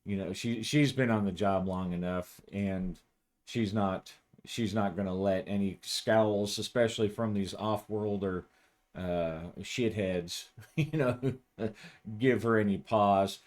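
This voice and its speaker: A man's voice: on the low side, slow, darkish tone. A man narrating his solo tabletop role-playing game in a casual, rambling way and chuckling often. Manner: casual, chuckling, frequent restarts. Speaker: game master.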